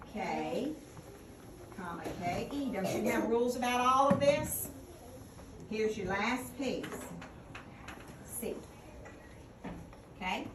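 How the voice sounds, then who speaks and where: Woman teacher, unhurried classroom drills, recorded from across a noisy, echoey room. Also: medium pitch. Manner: patient, questioning, drills answers back. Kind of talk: classroom phonics lesson. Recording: echoey classroom from a distant mic with noise.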